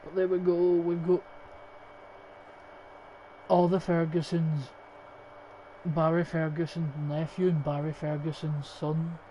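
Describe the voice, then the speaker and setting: Over a football game stream, a young Scottish gaming streamer speaks slowly with long pauses, his voice on the high side, level and mellow. The rambling, opinionated commentary is full of swearing, captured on a dull lo-fi mic with faint hiss.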